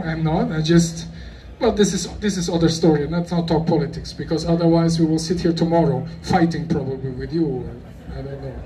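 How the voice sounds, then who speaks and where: A man's voice: high voice, darkish tone. A man from Germany with a German accent, giving a joking, rambling talk to a live audience at a convention. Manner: joking, rambling, playful asides. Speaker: conference speaker. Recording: distant mic with faint noise.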